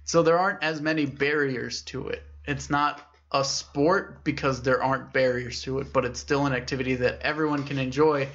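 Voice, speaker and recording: A young man co-hosting a podcast, casually retelling a scary story and voicing its characters with lively shifts in pitch. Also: normal speed, hardly any pauses, dull audio. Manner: animated storyteller, acts out characters with raised pitch. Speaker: podcast co-host.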